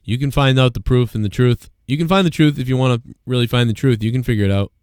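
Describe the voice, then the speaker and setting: A man's voice: medium pitch, fast, a little mellow, smooth, dry recording, clean studio sound. A man hosting a live show, ranting casually and swearing often as he rambles. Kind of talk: casual live-stream rant.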